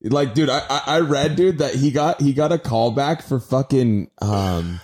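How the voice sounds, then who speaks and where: A man co-hosting a loose comedy podcast. He riffs crudely and jokes around, now and then slipping into mock voices. His voice sits at a medium pitch. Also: a little slow, darkish tone. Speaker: podcast co-host. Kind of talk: casual comedic chat.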